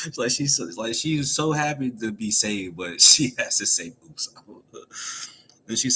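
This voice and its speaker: A man's voice: fairly low pitch, takes it slowly, pauses often, slight background noise. Laughing man recapping a comic chapter. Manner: animated, laughs often, acts out quotes. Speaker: anime chapter reviewer, streamer. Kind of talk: casual chapter recap on stream. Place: home room.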